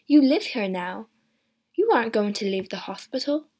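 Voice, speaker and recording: A woman's voice: on the high side, very animated, normal speed, a little mellow. A woman voicing an earnest kind doctor. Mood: earnest, insistent.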